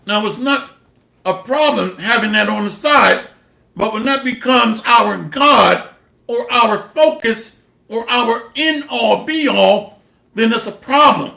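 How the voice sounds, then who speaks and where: A man preaches slowly in a very high, gravelly voice with a forceful edge, reading scripture and mixing it with blunt slang and cursing. The room around him is echoey. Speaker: bible teacher. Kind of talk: street-style sermon with scripture reading.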